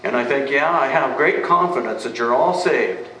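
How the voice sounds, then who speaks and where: At normal speed and with a sharp tone, a medium-pitched pastor delivers an emphatic sermon, posing questions only to answer them himself. He's captured from afar in an echoey room, with faint noise in the background.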